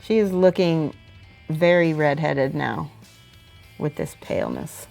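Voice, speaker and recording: A woman livestreaming as she paints miniatures, reading viewer messages aloud and thinking out loud between brushstrokes. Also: low voice, very animated, slow pace, gravelly, soft background music. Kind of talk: casual livestream chat while painting.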